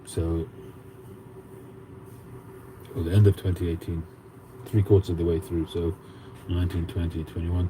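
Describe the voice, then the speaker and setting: Man in his fifties, Cockney accent, very low voice, casual chatty livestream host, noisy background. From England. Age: 50s. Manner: chatty, reads out viewer comments. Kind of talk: casual livestream chat with viewers.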